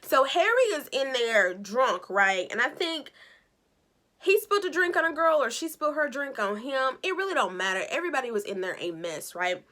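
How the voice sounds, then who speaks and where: A woman's voice: high-pitched, moderate pace. A woman giving a casual, chatty recap of a TV episode, telling it with sass and acting out the characters' lines. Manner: animated, sassy storytelling with acted-out quotes. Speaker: show recap vlogger.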